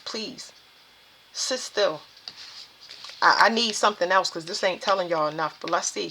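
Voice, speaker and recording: A woman delivers a spiritual tarot reading straight to her viewers. She talks in an emphatic, preaching way, with a bright, ringing tone over a faint hiss. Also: mid-range voice.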